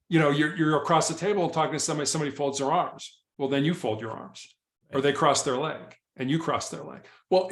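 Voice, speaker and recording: A man's voice: on the high side, roomy sound. A man who used to be a hostage negotiator, telling stories in a casual interview and often restarting his words in an earnest way. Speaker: former SWAT hostage negotiator, guest.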